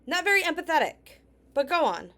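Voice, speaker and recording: A woman's voice: very high-pitched, big pitch swings, a little fast, fairly bright tone. A woman hosting a reaction commentary, sarcastic and scolding, often dropping to a near whisper. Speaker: commentary host.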